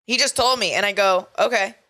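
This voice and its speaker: A woman's voice: mid-range voice, fairly quick, bright, forceful tone. A woman co-hosting a podcast in casual, chatty talk, swearing freely. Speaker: podcast co-host.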